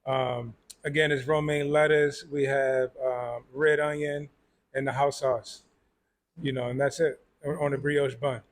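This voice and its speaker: A man, a chef and restaurant owner, answering interview questions in a soft-spoken way with frequent pauses and fillers. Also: medium pitch, flat delivery.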